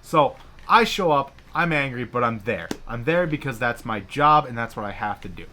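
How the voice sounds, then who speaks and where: A man co-hosting a casual gaming chat, telling a profane, animated story and acting out the people in it. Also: medium pitch, moderate pace, a little hiss or hum. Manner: profane, animated, acts out quoted bosses.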